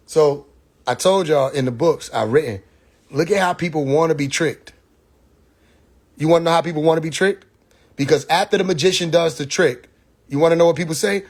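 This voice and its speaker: Brief: man, livestream host, lively storyteller, slightly higher voice. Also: brisk. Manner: animated storytelling, mimics mocking crowd voices, frequent laughs. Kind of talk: casual livestream monologue. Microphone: phone or computer mic on a live stream.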